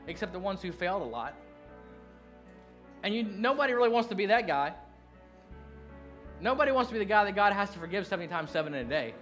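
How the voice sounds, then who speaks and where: An earnest middle-aged pastor with a drawl delivers a sermon in a fairly high voice. He swings between hushed, drawn-out lines and quick, animated bursts. Soft music plays faintly underneath.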